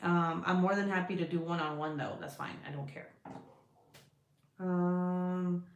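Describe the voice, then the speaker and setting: A woman's voice: lowish voice, fairly even intonation, unhurried. A woman hosting a casual crafting livestream, rambling and swearing freely as she chats with viewers. Her voice carries a roomy echo with a faint hiss of background noise underneath. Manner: chatty and profane, talks to her cat between thoughts. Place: indoor room at her craft desk.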